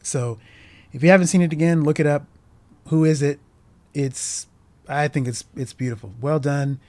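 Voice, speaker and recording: A man's voice: fairly high pitch, fairly even intonation, moderate pace, mellow, dry recording. A man casually discussing a short film as host, earnest and emotionally moved, rambling with many restarts and fillers.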